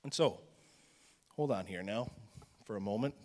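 A male pastor preaching a sermon in a conversational teaching style, dropping to a hushed voice for emphasis. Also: fairly low pitch, lively intonation, moderate pace, long reverb tail.

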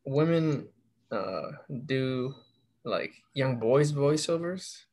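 Casual podcast co-host, husky male voice, rambling and slangy. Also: mid-range voice, expressive, very slow, darkish tone. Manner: rambling, laid-back, slangy. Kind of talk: casual chat.

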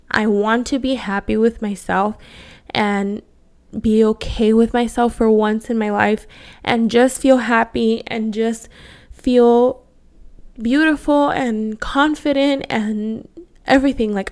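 A woman in her thirties, a podcast host, talking candidly and from the heart in a personal monologue, full of fillers. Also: a little high. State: voice cracking with emotion.

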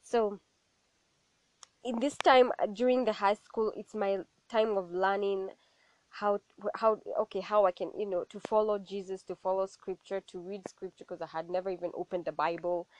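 A young adult woman giving a personal faith testimony in an animated storytelling way, acting out what other people said to her. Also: mid-range voice, moderate pace, no echo. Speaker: testimony speaker.

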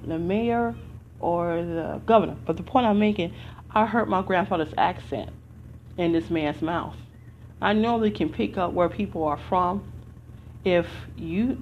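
A woman's voice: mid-range voice, a little hiss or hum. Earnest woman talking, muffled recording. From United States. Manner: earnest, rambling, with restarts. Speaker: podcast host. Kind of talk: casual spoken commentary.

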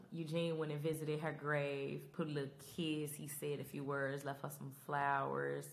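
A woman's voice: extremely low pitch, fairly bright tone, a little hiss or hum. A young woman hosting a podcast, recapping a show in chatty, emphatic casual talk that speaks straight to her listeners. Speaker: podcast host.

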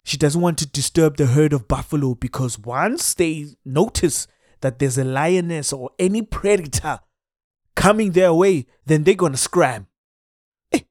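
A South African man tells a comic story with lots of energy, throwing in Xhosa exclamations as he goes. He sits at a middling pitch for a man. The sound is dry and close, with almost no room reverb. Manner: animated, mixes in Xhosa exclamations.

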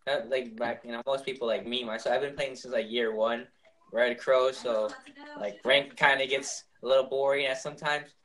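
A man's voice: medium pitch, fairly even intonation, normal speed, a bit bright, poor audio. A man who plays the game, chatting casually, laid-back and filler-heavy. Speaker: player guest. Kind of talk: casual gaming chat.

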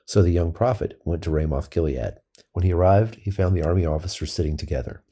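A man reading scripture aloud in a steady, measured way. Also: low-pitched, husky. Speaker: scripture reader.

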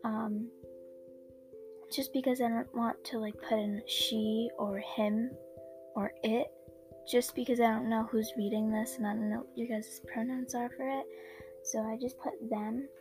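A woman's voice: fairly high pitch, fairly even intonation, measured pace, over music. Chatty young-sounding woman reading fan fiction. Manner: chatty, filler-heavy, apologetic. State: tired from a sleepless night. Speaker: fan fiction podcast host. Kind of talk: casual chat and story reading. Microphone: old low-quality microphone.

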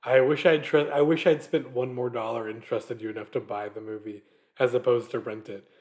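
A man's voice: mid-range voice, steady tone, fairly quick, a little mellow. A young man co-hosting a podcast, chatting casually about a movie and poking fun at himself. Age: young adult. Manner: self-mocking and easygoing. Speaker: podcast co-host. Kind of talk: casual film chat.

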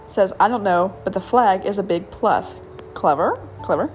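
A woman's voice: medium pitch, moderate pace, a little mellow, faint music behind. A woman hosting a casual solo podcast, reading jokes aloud with frequent giggles and stumbling over the punchlines. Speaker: podcast host.

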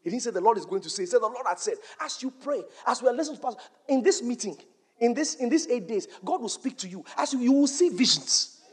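Husky high-voiced male preacher. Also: animated, quick pace. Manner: emphatic, rising to shouts on key points; quotes scripture in old-fashioned wording. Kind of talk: church sermon.

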